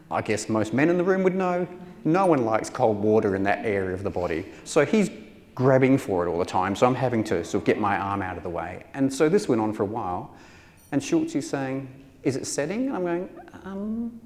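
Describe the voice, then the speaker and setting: A man's voice: fairly low pitch, a little mellow. A man giving a public talk as a taxidermist, telling a wry, self-deprecating story. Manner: wry, self-deprecating, acts out quoted voices. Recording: hall reverb with faint ambience.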